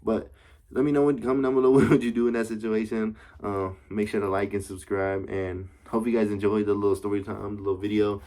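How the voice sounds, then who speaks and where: A man's voice: on the low side, little pitch movement, brisk, mellow. A young man telling a casual story time to camera, rambling and slangy with frequent swearing and constant check-ins with his listeners. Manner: slangy, rambling, profane, keeps asking "you know what I'm saying". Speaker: vlogger.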